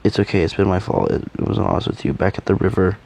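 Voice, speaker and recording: A man's voice: low-pitched, fairly even intonation, fast, creaky, dark tone. A man voicing a young female beast-woman with a canine face, speaking hesitantly and apologetically in a fan audio drama. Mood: quiet.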